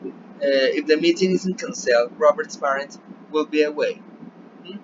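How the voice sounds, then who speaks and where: A male English teacher with a Colombian Spanish accent walks his students through a recorded remote lesson, often pausing to ask "yeah?". His voice sits a little higher than most men's. The recording is dull and lo-fi, with clear noise behind him. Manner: switches between English and Spanish, checks in with "yeah?".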